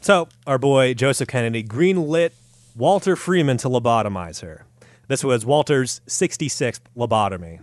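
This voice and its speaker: A man's voice: mid-range voice, lively intonation, normal speed, no echo. A man hosting a podcast, telling a story in a crude, sarcastic, profane way. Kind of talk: casual comedic storytelling.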